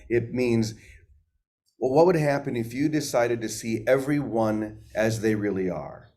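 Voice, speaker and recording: A man's voice: mid-range voice, measured pace, a little mellow. A man hosting an informal spiritual talk in a conversational way. He asks his listeners questions and often repeats words as he thinks aloud. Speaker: spiritual teacher and host.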